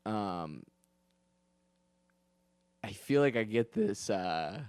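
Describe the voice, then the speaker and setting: A man's voice: lowish voice, lively intonation, very slow, a little mellow, clear, resonant tone, dry recording. Rambling young man telling stories. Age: young adult. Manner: rambling, digressive, full of fillers and restarts; profane, self-deprecating asides. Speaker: comedian podcast host. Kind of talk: casual comedic storytelling.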